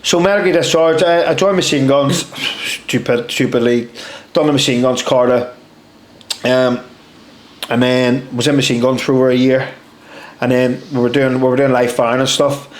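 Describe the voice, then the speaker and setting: A man in his thirties with a Northern Irish accent, telling a story as a podcast guest in an animated way, swearing freely and saying "mate.". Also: mid-range voice, moderate pace. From Northern Ireland. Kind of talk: casual storytelling. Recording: roomy echo, faint ambience.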